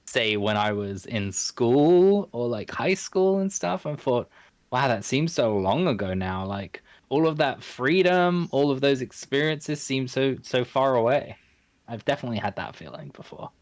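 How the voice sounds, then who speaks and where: Co-op partner, thirties, relaxed and thoughtful, dry close sound. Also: medium pitch, unhurried, no room sound. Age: 30s. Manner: easygoing, reflective, chuckles while talking. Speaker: co-op gaming partner. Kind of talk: casual gaming chat.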